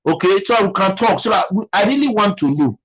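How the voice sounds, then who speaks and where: A man's voice: high voice, expressive, a little fast, muffled recording. A man with a Nigerian accent hosting a casual live stream, musing aloud and thanking viewers by name.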